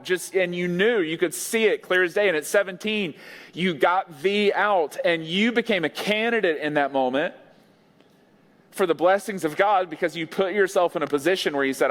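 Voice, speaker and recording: A man's voice: high-pitched, normal speed, fairly bright tone. A male pastor giving an earnest, conversational sermon with playful asides. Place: large church sanctuary. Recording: long church hall reverb.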